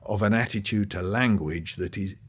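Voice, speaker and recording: In a podcast interview, the male guest tells animated stories with a swinging pitch. His voice is husky and his pace moderate.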